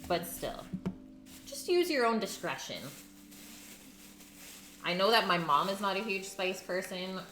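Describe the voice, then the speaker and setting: This young woman's mid-range voice is expressive, bright, and forceful, at a measured pace with frequent pauses. She hosts a relaxed live-stream cooking show at home, chatting with viewers, calling out their names, and talking through mouthfuls in an echoey kitchen with faint music.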